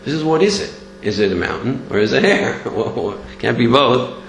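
A man's voice: mid-range voice, normal speed, gravelly. A man giving a Torah lesson, telling stories and acting out the voices in them. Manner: animated, acts out voices in stories. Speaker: Torah teacher. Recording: echoey room with faint hum.

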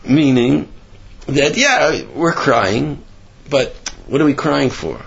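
A man giving a Torah class sermon with animated storytelling, rising in pitch for emphasis. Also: a little slow, vocal fry, breathy edge, muffled recording. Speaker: religious teacher.

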